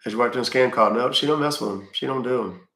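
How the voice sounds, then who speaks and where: A fast-talking man with a mid-range, slightly bright voice hosts a casual livestream, reading chat and answering viewer questions with relaxed fillers. The audio has a roomy sound.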